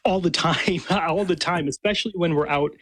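A man's voice: a little high, normal speed, a bit bright, breathy edge, no room sound. A man, a paleontologist and professor, answering radio interview questions with enthusiasm and frequent laughs. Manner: enthusiastic, explanatory, laughs often.

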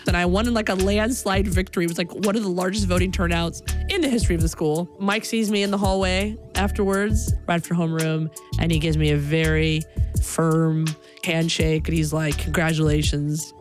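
A woman telling a personal story in a lively manner, acting out the people she quotes. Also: a little fast, faint music behind. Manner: lively, acts out quoted voices in a higher pitch.

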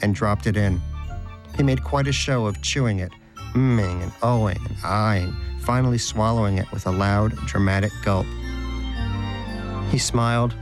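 Brief: man, low voice, wry audiobook narration, faint music underneath. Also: unhurried.

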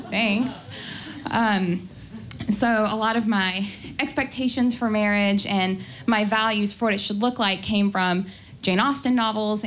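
A woman's voice: mid-range voice, a little hiss or hum. A young adult woman telling a first-person story in a candid, wry way, with frequent ums and likes.

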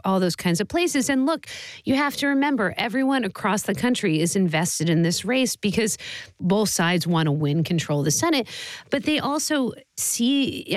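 A woman reporter explaining a story in a news podcast interview, measured and firm. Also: lowish voice, no echo.

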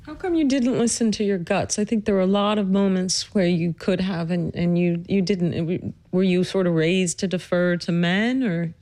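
A woman hosting and narrating a personal podcast, earnest and measured, speaking to her mother. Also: on the low side, dark tone, no room sound. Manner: earnest, emotional, measured storytelling. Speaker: host and narrator.

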